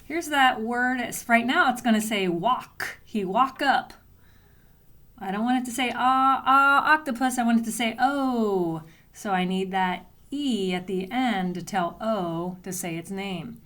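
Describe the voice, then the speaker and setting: A woman's voice: mid-range voice, unhurried, fairly bright tone. A woman teacher giving a recorded writing lesson to young students, patiently explaining step by step and sounding out letters. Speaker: elementary school teacher.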